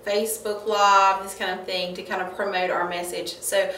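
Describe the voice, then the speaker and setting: Measured woman co-host, distant roomy sound. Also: mid-range voice, level tone, a bit bright. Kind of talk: church ministry talk show. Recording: roomy, distant, faint background noise.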